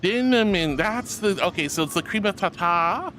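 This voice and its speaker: A woman streamer in casual chat who warmly and effusively greets her viewers by name and thanks them. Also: medium pitch, normal speed, faint music behind.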